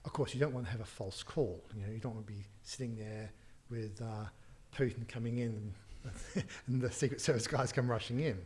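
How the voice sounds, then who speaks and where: A middle-aged man, a tech entrepreneur as interview guest, telling anecdotes with laughs and quick restarts. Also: mid-range voice, fairly even intonation, a little mellow, husky. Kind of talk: casual storytelling in a podcast interview.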